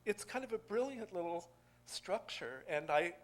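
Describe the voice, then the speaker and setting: An older man giving a poetry craft lecture to an audience, musing and digressive, thinking aloud with pauses. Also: high voice, expressive.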